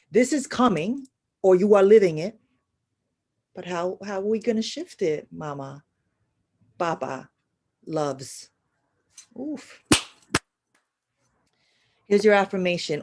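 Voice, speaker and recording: A woman giving a live horoscope and spiritual reading to an audio chat room, blunt and profane, swinging from loud urging to soft murmurs, with repetitive chant-like phrasing. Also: on the low side. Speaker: astrology and spiritual reader.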